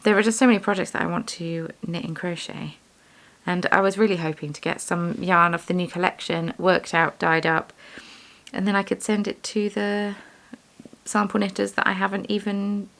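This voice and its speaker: Gravelly yet fairly bright, her lowish voice holds a steady tone at a moderate pace. She's a young vlogger who dyes yarn and owns a shop, and she rambles chattily about herself with self-mocking humor as she does bead weaving.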